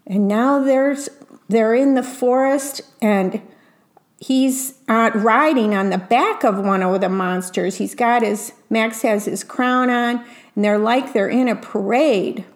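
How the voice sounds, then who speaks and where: A woman reading a picture book aloud slowly, pausing to describe each illustration in a gentle storytime manner. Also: on the high side. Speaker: reader.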